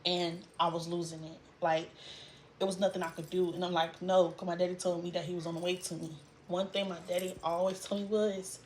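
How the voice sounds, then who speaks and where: A woman's voice: fairly low pitch, little pitch movement, darkish tone, a little hiss or hum. Young woman telling a painful story. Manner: halting, trailing off, fighting tears. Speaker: vlogger. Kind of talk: emotional personal storytelling.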